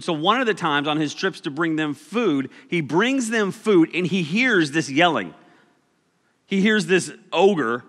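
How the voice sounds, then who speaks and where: A man delivers a casual sermon, joking and storytelling with animated energy. His voice sits a bit high and sounds bright and forceful. The recording carries the long reverb of a large hall. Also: measured pace. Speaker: preacher.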